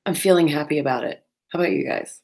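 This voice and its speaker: A woman's voice: deep voice, sing-song, fast, vocal fry, a little mellow. A woman, chatting casually on a crafting livestream, with playful asides.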